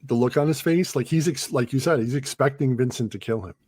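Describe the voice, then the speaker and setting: A man's voice: mid-range voice, a little fast, darkish tone, breathy edge, no echo. A man hosting a casual movie podcast, retelling film scenes with lots of fillers and quoted lines. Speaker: podcast host.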